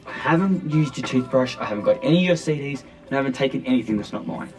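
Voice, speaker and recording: A man's voice: medium pitch, expressive, fast, darkish tone, natural voice. A young actor playing a troubled, defensive teenage boy in a TV drama, talking in a sullen, clipped way. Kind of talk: teen TV drama acting. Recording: distant TV audio with music.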